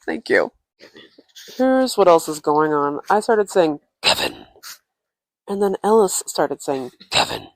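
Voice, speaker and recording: Fairly low in pitch but swinging widely, her darkish voice moves at a measured pace with no room sound audible. Indoors at a relative's family home, this podcast co-host keeps a casual travel audio diary on a tiny clip-on influencer microphone, playful and jokey in a mock-serious style.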